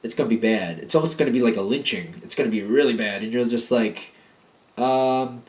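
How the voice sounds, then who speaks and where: A man's voice: medium pitch, fairly quick. Man, tarot reader, casual spoken reading, rambling, repeats himself for emphasis, mid-range voice.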